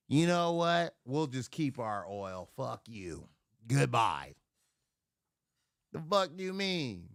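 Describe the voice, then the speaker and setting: A man with a gravelly, bright-edged voice rants casually on a live stream, swearing freely. His pitch swings widely as he slips into loud impressions of people he quarrels with. The sound is dry and close. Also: slow, pauses often, dry recording. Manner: profane and animated, shifts into loud impressions. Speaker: livestream host.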